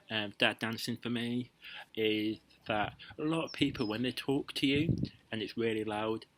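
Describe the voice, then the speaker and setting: Chatty young man with a lowish voice. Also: a bit bright, poor audio. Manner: chatty and playful, with frequent ums and restarts. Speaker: vlogger giving dating tips. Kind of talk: casual direct-to-camera advice.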